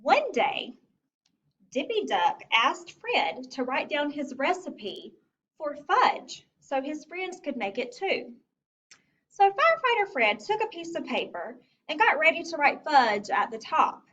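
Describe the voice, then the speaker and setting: Guiding small children through phonics, this woman teacher talks in a slightly high, very animated voice with a fairly bright tone that rises and falls a lot. Her delivery is slow, clear and encouraging. Because she sits back from the mic, the recording sounds distant, dull and lo-fi.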